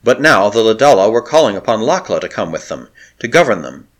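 A man's voice: lowish voice, very animated, brisk. A man reading an adventure novel aloud as an audiobook narrator, telling it with dramatic expression.

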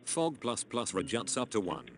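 A man in an online voice chat with a lively up-and-down pitch, reading out numbers and commands one by one. Faint hiss sits behind him. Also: moderate pace.

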